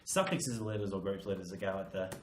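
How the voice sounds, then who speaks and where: A man's voice: deep voice, fast talker, a little hiss or hum. An Australian man teaching a small-group reading lesson, patient and encouraging, calling his students "mate" as he walks them through spelling rules. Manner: encouraging, patient, matey coaching. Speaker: literacy teacher. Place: classroom. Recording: roomy classroom echo.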